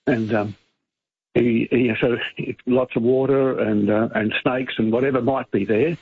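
A man's voice: mid-range voice, steady tone, a little slow, a little hiss or hum. An Australian man calling in to a radio show, telling a story earnestly with many fillers. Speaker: caller. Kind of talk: phone-in story. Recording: tinny phone line.

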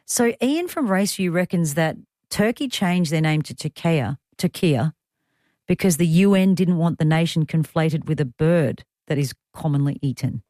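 A woman's voice: sits low, dark tone, no echo, clean studio sound. A woman with an Australian accent hosting talkback radio, chatty and teasing, often joking with callers and her producer. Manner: chatty, teasing, quick to joke. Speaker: radio host. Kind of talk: casual talkback radio chat. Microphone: studio microphone.

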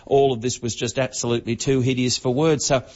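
Aussie guy on radio spilling celeb gossip, raspy-ish voice, kinda muffled audio. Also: medium pitch, level tone, brisk, darkish tone. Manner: gossipy, chatty storyteller. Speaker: entertainment reporter. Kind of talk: casual radio chat. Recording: dull lo-fi broadcast audio.

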